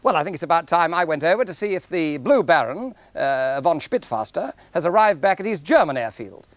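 A man's voice: fairly high pitch, very animated, brisk. A man hosting a comic puppet show, narrating in a chatty, amused, reporter-like way. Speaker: host and narrator. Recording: noisy background ambience.

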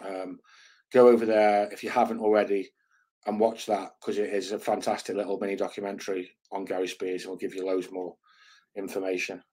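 A man's voice: deep voice, little pitch movement, brisk, a little mellow, breathy edge. A man hosting his channel, reading a book extract aloud in a casual storytelling way, with earthy slang and asides. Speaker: channel host.

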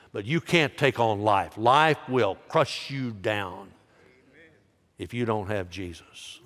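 A middle-aged man preaching a sermon as pastor, swinging from loud, high exhortation to soft, low appeals. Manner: impassioned preaching, rising loud then dropping soft. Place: large church sanctuary. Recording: live sanctuary with long reverb.

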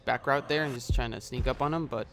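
A man's voice: medium pitch, fast talker, over loud music. A man giving casual gameplay commentary as a gaming YouTuber, rambling with many filler sounds and swearing at the game, recorded on a headset mic.

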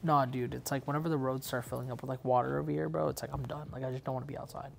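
A man's voice: mid-range voice, steady tone, racing, vocal fry, a little hiss or hum. A young man co-hosting a podcast, telling stories in loose slangy casual chat. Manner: laid-back slangy storytelling, says "bro" and "dude" a lot. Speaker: podcast co-host.

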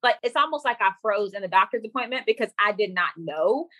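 A young woman who works as a women's coach tells a personal story as a podcast guest, speaking casually, a little fast and with lively energy. Her mid-range voice jumps high when she acts out other people's lines, and the recording is dry and close with no room sound.

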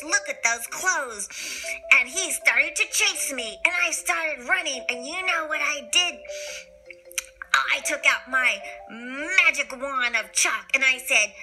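High bright woman reading a kids story all playful and animated, faint music behind. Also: rough recording. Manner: animated, playful, with sound effects and voices. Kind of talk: expressive children's story reading.

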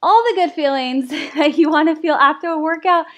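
A young woman fitness instructor coaches a live workout class in a fairly bright, high-sitting voice at a moderate pace. Out of breath, she counts reps aloud and cheers everyone on with upbeat encouragement.

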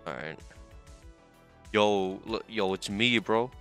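A young man with a fairly low voice hosts a casual let's-play. He jokes loosely with his viewers and reads the on-screen game text aloud as he goes. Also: slow pace, a bit bright, clean tone, faint music behind. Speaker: gaming channel host.

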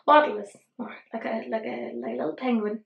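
A woman's voice: fairly high pitch, brisk, vocal fry, dull audio. Tired, sweary woman vlogger, roomy echo. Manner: rambling, sweary, self-deprecating. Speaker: beauty vlogger. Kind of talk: casual makeup tutorial chat.

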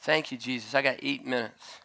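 A man preaching a sermon at a conference, telling a story and rising to loud shouted peaks. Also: medium pitch, steady tone, a little fast, gravelly. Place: conference stage.

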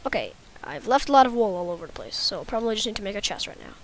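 A woman's voice: mid-range voice, sing-song, racing. A woman giving casual, rambling, self-mocking commentary while playing a video game. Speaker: gaming YouTuber.

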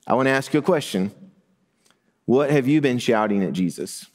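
A middle-aged man preaching a sermon in an easygoing, conversational tone. His pitch sits in an ordinary male middle range, and he leans into points with rising emphasis. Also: expressive, normal speed, darkish tone. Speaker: pastor.

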